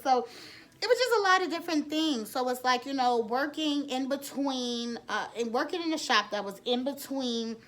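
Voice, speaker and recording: A woman in a fairly high voice. She tells her story bluntly, cursing often and restarting her sentences as she goes. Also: lively intonation, moderate pace, a bit bright. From the Bronx, New York. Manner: blunt and frank, with frequent cursing and rambling restarts. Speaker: nail technician. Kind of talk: candid personal storytelling.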